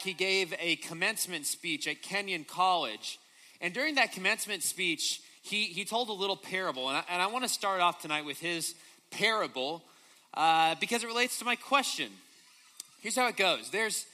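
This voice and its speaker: A man's voice: sits high, pushed and bright. A young man preaching a sermon, telling a story and asking the crowd rhetorical questions.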